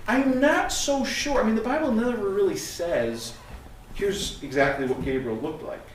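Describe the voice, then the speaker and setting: Animated male pastor in an echoey church. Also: sits high, moderate pace. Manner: animated storytelling, acts out scenes. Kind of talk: sermon. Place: church sanctuary. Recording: echoey room from a distant mic, faint noise.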